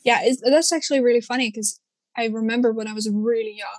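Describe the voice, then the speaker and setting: A young woman who is not a native English speaker, chatting in an animated way with lots of fillers and casual swearing. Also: fairly high pitch, quick pace, dry recording. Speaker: conversation partner. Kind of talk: casual chat.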